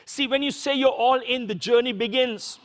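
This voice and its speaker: A man's voice: extremely high pitch, moderate pace, a bit bright, in a large hall. A man preaching a sermon as a pastor, in a conversational way full of rhetorical questions. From Sri Lanka.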